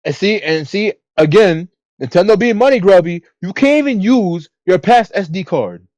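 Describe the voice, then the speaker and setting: A man's voice: high voice, animated, moderate pace, a little mellow, no echo. A man in casual video commentary, complaining bluntly and swearing.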